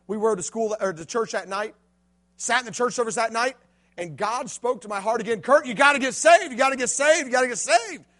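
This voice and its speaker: A middle-aged man from Illinois giving a sermon testimony, dropping to a hush and then rising to a shout. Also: high-pitched. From Illinois, USA. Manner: swings from hushed to shouting. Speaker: preacher.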